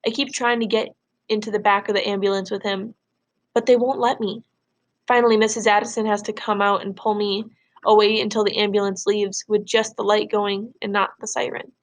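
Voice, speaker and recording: A woman teacher reading a novel aloud to her students in a measured, expressive way, then setting them a question. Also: medium pitch.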